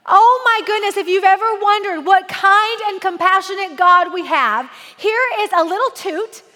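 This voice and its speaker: A woman in her forties preaching a sermon, lively and joking, slowing down to read scripture aloud solemnly. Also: extremely high pitch, big-room sound. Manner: animated and humorous, slow solemn scripture reading. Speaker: women's ministry speaker.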